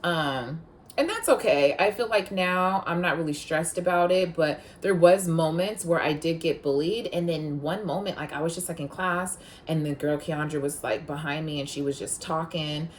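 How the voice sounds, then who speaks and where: Woman host, very low voice, casual confessional storytelling, frank and profane. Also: normal speed, a little hiss or hum. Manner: blunt, frank, swears freely; heated and emphatic when retelling conflict. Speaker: podcast host.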